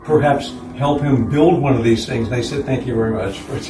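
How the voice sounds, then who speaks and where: A man's voice: mid-range voice, moderate pace, noisy background. Man lecturing in an echoey hall. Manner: relaxed, chuckling asides. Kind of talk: conference lecture with slides. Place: concert hall. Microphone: distant room mic. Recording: roomy, distant hall recording.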